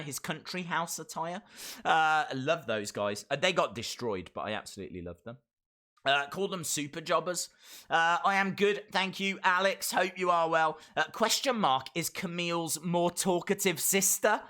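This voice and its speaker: A man's voice: on the high side, bright, forceful tone, clean tone. A British man hosting a live stream, chatting casually, laughing and reading out viewer comments.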